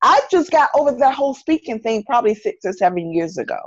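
A woman's voice: on the high side, very animated, fast, no echo. Earnest North Carolina woman, dull dry audio. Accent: Southern US, North Carolina. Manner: earnest, emphatic, repeats phrases for stress. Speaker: podcast guest, educator. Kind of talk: casual interview conversation.

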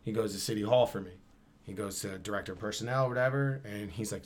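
A man tells a long personal story in a relaxed, slangy way. He keeps acting out both sides of the conversation, and his voice sits a little low. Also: fast talker. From Camden, New Jersey. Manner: animated, slangy, acts out dialogue. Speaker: guest. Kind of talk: casual storytelling.

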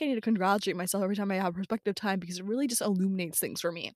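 Rapid-fire and with few pauses, a young woman with a medium-pitched, slightly mellow voice chats in her personal audio journal. This podcast host rambles, talks to herself, and leans on "like" and "um."

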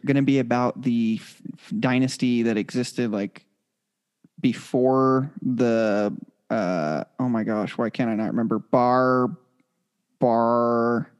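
A man co-hosting a podcast, chatting in a relaxed, halting way. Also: mid-range voice. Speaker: podcast co-host. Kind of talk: casual chat.

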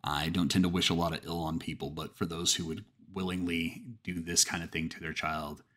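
A man narrating a first-person horror story, then reflecting earnestly on it with measured pauses. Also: deep voice, flat delivery, fairly bright tone.

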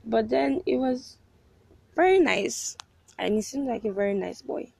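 A woman's voice: fairly high pitch, moderate pace, creaky, warm tone, husky, no room sound. A young woman in her first year at university, chatting to her viewers and telling a story with repeated words and frequent laughter. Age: young adult. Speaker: vlogger. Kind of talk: casual storytelling to camera.

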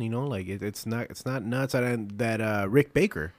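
A man's voice: on the low side, brisk, no echo. A man hosting a casual podcast, enthusiastic and loose, with plenty of swearing. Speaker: podcast host.

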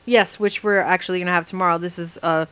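A young woman chatting casually, telling a funny story in an animated way and laughing often. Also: on the low side, fast talker, clear, resonant tone. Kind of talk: casual chat.

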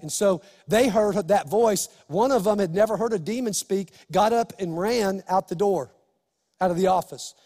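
Man preaching, high voice, impassioned and rising to shouts, long reverb of a church hall. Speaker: pastor. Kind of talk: sermon.

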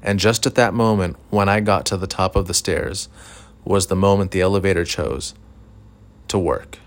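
Low-pitched male host, loose profane storyteller, chatty monologue. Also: normal speed. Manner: rambling, profane, self-deprecating storytelling with many fillers. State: recovering from illness, short of breath at times. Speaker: podcast host. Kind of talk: casual monologue.

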